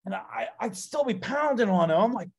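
Animated storytelling man, slightly high voice. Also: normal speed, gravelly, breathy edge. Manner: animated, filler-heavy with frequent "like". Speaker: interview guest, pro wrestler. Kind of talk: casual anecdotal storytelling.

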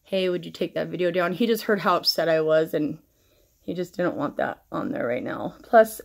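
A middle-aged woman chatting casually through a makeup tutorial, rambling and swearing freely while shaken and stressed. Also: on the low side. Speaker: makeup vlogger.

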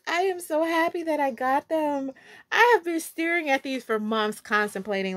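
A woman's voice: high voice, fairly quick, fairly bright tone, no room sound. A young woman vlogger gushing and chatting playfully while unboxing shoes. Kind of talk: casual unboxing vlog.

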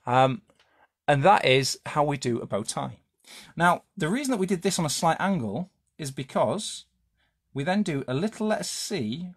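A man talks children through a drawing lesson in a playful, chatty way, tossing out questions and goofy sound effects. His pitch bounces around a lot, and his voice has a slightly husky edge. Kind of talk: live drawing lesson for kids.

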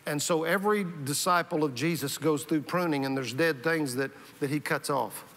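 A man's voice: a little high, normal speed, fairly bright tone. A male pastor preaching a sermon in a conversational way, often restarting and repeating words. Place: church sanctuary. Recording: reverberant church hall.

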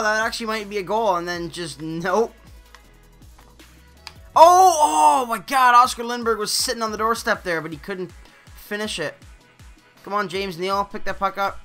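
Playing hockey on his gaming channel, a young host keeps up a casual running commentary that alternates between loud outbursts and quiet muttering.

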